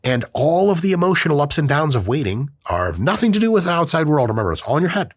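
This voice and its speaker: A man's voice: on the high side, quick pace, no echo, clean studio sound. A man hosting a podcast in casual chat, swearing freely and acting out quoted voices. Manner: profane, animated, acts out quoted voices. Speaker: podcast host.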